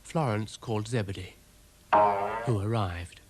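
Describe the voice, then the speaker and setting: A man's voice: mid-range voice, expressive, moderate pace, noisy background. A man narrating a cartoon as a storyteller, in a dry, understated manner.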